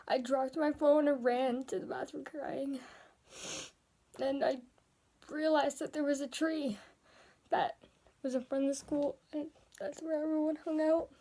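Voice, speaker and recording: A woman narrating a dark first-person story in a soft, hesitant voice that often drops into a whisper. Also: high voice, fairly even intonation, moderate pace.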